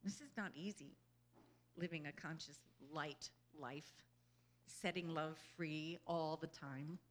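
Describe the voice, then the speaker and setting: A woman's voice: deep voice, steady tone, slow. A woman giving an inspirational talk to a group, earnest and conversational, often checking in with her listeners and laughing easily. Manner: earnest and conversational, often asking "you know?"; laughs easily between thoughts. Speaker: spiritual speaker.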